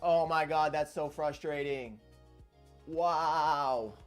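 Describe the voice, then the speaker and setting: A man's voice: on the high side, slow, faint music behind. Exasperated, swearing man trading live. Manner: exasperated, swears often, talks to himself about trades. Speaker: day trader streaming live. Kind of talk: live trading commentary, reading chat.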